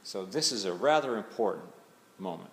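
A man's voice: lowish voice, animated, moderate pace. A man preaching a sermon in a conversational, reflective way, building to emphatic readings of scripture. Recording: echoey hall with faint ambience.

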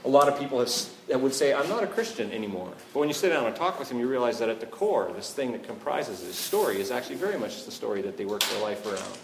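A man's voice: mid-range voice, animated, fast, creaky, hardly any pauses, noisy background. A Canadian man preaching a sermon in a conversational way, often checking in with the listeners. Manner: conversational, asks "right?" often. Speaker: pastor. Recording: echoey room, faint ambience.

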